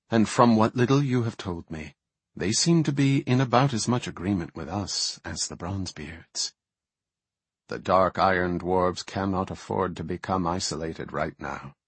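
A man voicing a wise male elf archdruid who speaks in a measured, quiet, dry way. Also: sits low, husky, dry recording, exaggerated voice.

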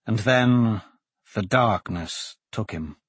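A man narrating a fantasy audiobook in a dramatic, expressive scripted style. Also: lowish voice, slow pace, breathy edge, no room sound.

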